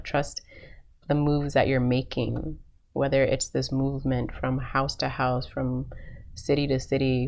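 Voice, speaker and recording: A woman with a low, gravelly voice reads oracle cards for her viewers, reassuring and repeating herself warmly. Her voice is slightly muffled, with a dull lo-fi quality. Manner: soothing, repetitive, affirming, with frequent laughs. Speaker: intuitive card reader. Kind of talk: spiritual tarot reading for viewers.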